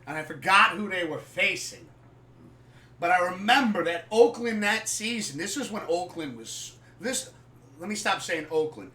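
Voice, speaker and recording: A man hosting a live sports podcast, telling a story casually and animatedly, swearing freely and acting out scenes loudly. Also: sits high, lively intonation, moderate pace. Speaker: podcast host. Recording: echoey room, far from the mic.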